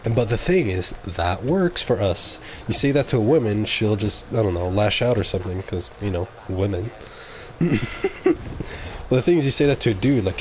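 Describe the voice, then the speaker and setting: A somewhat low-voiced man talks to his livestream viewers in a loose, rambling monologue. He is opinionated and keeps correcting himself mid-sentence. A faint hiss sits under the recording. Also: sing-song, normal speed. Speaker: game streamer.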